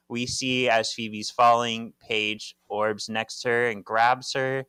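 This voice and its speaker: A man co-hosting a podcast, recapping a comic in casual chat with steady, measured storytelling. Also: lowish voice, smooth, no echo. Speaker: podcast co-host.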